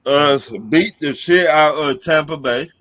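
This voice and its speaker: A man's voice: fairly high pitch, fairly even intonation, fairly bright tone. A man on a sports podcast panel who talks bluntly and jokes about rivals. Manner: blunt, slow, jokey. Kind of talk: casual sports chat.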